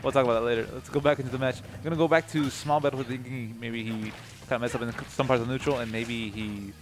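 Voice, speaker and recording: A young man calls a live video game tournament in his ordinary middle register, getting excited, laughing and repeating himself. His voice has gone tired and low by this point. Music plays clearly behind him. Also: quick pace. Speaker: esports commentator. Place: gaming tournament at a sports center.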